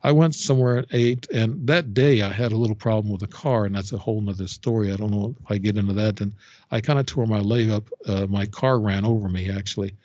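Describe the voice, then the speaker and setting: An older man tells a long personal story as a podcast guest, wandering and restarting his sentences often. His voice sits low, and the recording is dry and a bit dull, with no room sound. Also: fairly even intonation, darkish tone, no room sound. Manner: rambling, halting storytelling with frequent fillers and restarts. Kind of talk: casual storytelling interview.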